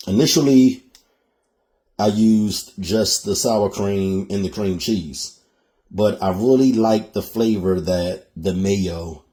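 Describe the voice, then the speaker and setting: A man's voice: deep voice, mellow. A man with a Philadelphia accent hosting a cooking show, talking viewers through a recipe in a chatty, casual way and calling them "y'all.". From Philadelphia, USA.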